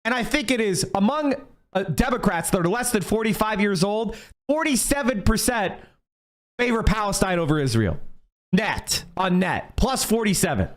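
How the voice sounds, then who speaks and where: Man, fired-up political rant, cursing, angry, high-pitched voice. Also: expressive, normal speed. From United States. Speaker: streamer.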